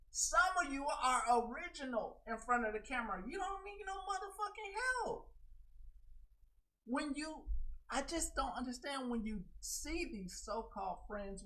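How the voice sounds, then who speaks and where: Blunt, profane woman ranting on a livestream. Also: low-quality recording. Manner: blunt, profane, mocking, swings into loud high put-on quotes. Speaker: livestream host. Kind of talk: unscripted livestream rant.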